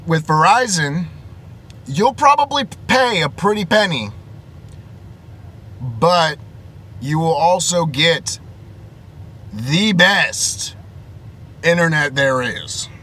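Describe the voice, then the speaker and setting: Bright-voiced young man, exasperated rant. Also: on the high side, lively intonation, slow pace, pauses often, a little hiss or hum. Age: young adult. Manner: exasperated, flustered, stumbling over his words. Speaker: IT technician ranting on camera. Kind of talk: heated vlog rant.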